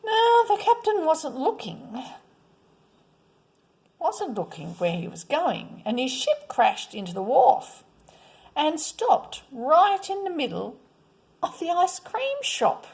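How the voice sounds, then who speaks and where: A woman reading a children's picture book aloud, expressive, at times dropping to a whisper. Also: sits high, slow pace. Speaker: storyteller.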